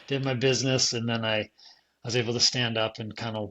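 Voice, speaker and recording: A man's voice: medium pitch, little pitch movement, a little fast, pushed and bright. A man who is a podcast guest, telling a vivid and emotional story from his own experience in a casual interview, laughing often as he talks.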